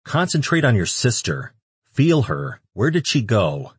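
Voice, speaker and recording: A man voicing a steady male angel companion who speaks calmly and coaxingly. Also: mid-range voice, measured pace, slightly rough, no room sound, voice pushed up, full character voice. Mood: calm urging. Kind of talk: audiobook character voice.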